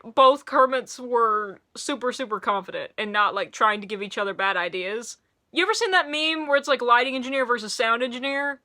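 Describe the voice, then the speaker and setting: Bright excitable Tennessee woman reviewer. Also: high-pitched. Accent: Middle Tennessee. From Middle Tennessee. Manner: animated, laughing, quick bursts of excitement. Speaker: music reviewer. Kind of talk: casual video review.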